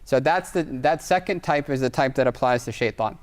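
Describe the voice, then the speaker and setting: A man's voice: mid-range voice, fairly quick. A man teaching Arabic grammar in a live class, explaining step by step, checking in with a constant "right?", and reading Arabic phrases aloud. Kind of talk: live online class lecture with Q&A.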